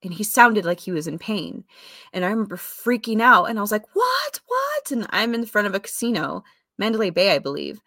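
A woman candidly telling a personal story in a rambling way, often correcting herself, with fillers and soft laughs. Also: medium pitch, brisk, no echo, studio quality.

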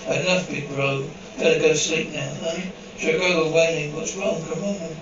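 A man's voice: fairly high pitch, steady tone, moderate pace, a bit bright, reverberant, far from the mic, lo-fi sound, slight background noise. A man reading an episode script aloud, voicing the dialogue and the sound cues in the same evenly paced voice. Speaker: script reader.

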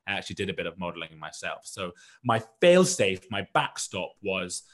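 With a deep, fairly bright voice that swings widely in pitch, a British man talks at normal speed. He's a guest entrepreneur recounting his story in a casual interview, rambling and poking fun at himself.

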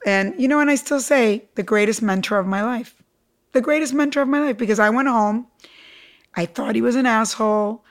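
Animated higher-voiced woman telling her story. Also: fairly quick. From Cuba. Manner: animated, emphatic, acts out quotes. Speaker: entrepreneur guest. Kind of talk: storytelling in a podcast interview.

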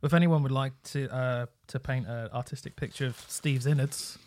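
A man's voice: medium pitch, steady tone, moderate pace, a little mellow. A man co-hosting a podcast, teasing dryly in casual chat. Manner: dry, teasing. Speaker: podcast co-host.

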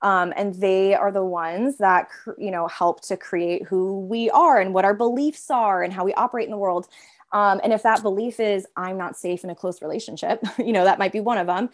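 A woman therapist in easy, conversational talk, leaning on "like" at every turn. Her pitch sits at an ordinary middle. She slips into quick little voices for the parts of herself she describes. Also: steady tone. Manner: chatty, heavy use of filler "like". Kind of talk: casual interview conversation.

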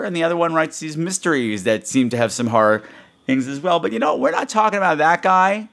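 A man's voice: a little high, a bit bright. Rambling, self-mocking man on a podcast. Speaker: podcast host. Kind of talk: casual podcast monologue.

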